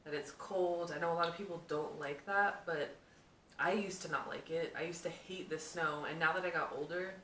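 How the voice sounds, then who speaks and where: A young woman chatting casually to camera, answering questions about herself in a lively storytelling way. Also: fairly low pitch, normal speed, slight background noise. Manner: chatty, animated storytelling with laughs. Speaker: vlogger, homemaker. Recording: echoey room, mic at a distance.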